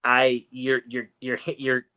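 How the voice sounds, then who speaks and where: A man co-hosting a podcast, recapping a cartoon in casual chat, animated and restarting often. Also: mid-range voice, unhurried. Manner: animated, acts out quotes with many restarts. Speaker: podcast co-host.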